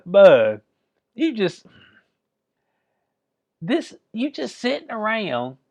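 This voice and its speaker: A commentary vlogger with a high-sitting voice reads news articles aloud in a laid-back way, joking about them. The recording is dry, from a dull lo-fi mic.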